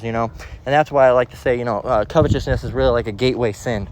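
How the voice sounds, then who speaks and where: A man teaching from the Bible in a casual way, out of breath as he walks outdoors and slowing down to read verses aloud. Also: medium pitch, a little mellow, a little hiss or hum, low-quality recording. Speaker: preacher. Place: outdoors, walking near traffic.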